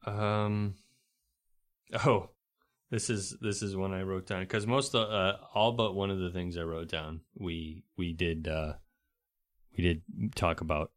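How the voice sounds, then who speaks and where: A young man co-hosting a podcast, talking about a movie in a rambling, halting way. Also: deep voice, steady tone. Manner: rambling, halting, full of fillers and restarts. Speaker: podcast co-host. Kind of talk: casual chat about a movie.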